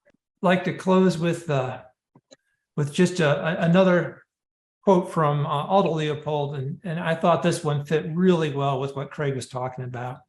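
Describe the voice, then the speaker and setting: A man's voice: on the high side, fairly even intonation, moderate pace. Male roundtable host, friendly and hesitant, echoey video-call sound. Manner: friendly, hesitant with many fillers. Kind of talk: hosting a webinar.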